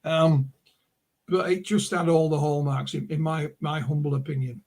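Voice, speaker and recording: A man's voice: on the high side, fairly even intonation, normal speed, darkish tone. A middle-aged man, an author and publisher, telling rambling anecdotes as a guest in a casual interview. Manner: rambling anecdotal storyteller, full of asides. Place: remote interview call.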